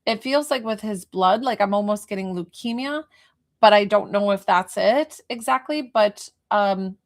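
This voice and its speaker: A woman's voice: mid-range voice, moderate pace. Rambling woman giving a psychic reading. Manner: rambling, hesitant, full of fillers and restarts. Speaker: psychic medium. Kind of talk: live spirit reading to a viewer.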